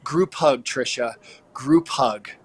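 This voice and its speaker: A man's voice: medium pitch, slow pace, slightly rough. A man co-hosting a live local morning show, joking and laughing while chatting casually. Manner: jokey, laughs often. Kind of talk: casual live-stream chat.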